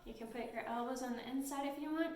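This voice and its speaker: A woman leading a storytime lesson for toddlers in a gentle, sing-song, encouraging way, recorded in a library room. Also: sits high, fairly even intonation, fast talker, a little hiss or hum. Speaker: children's librarian. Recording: echoey room, mic at a distance.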